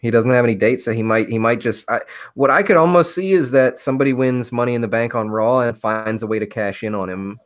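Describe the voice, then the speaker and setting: A man hosting a relaxed podcast, calmly working through one item after another. He has an ordinary mid-pitched voice and speaks in a plain conversational way. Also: quick pace. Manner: steady, walks through a list. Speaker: podcast host. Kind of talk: casual chat.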